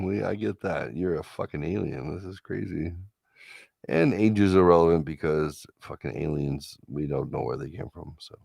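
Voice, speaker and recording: A man's voice: low-pitched, creaky, no room sound, studio quality. A man hosting a live stream, reacting to results with profane, incredulous, theatrical commentary. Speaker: streamer host.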